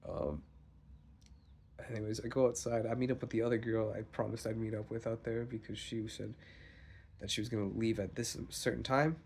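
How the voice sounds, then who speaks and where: A young man vlogging, telling a rambling, profane story in a casual, animated way. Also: lowish voice, a little fast, slight background noise.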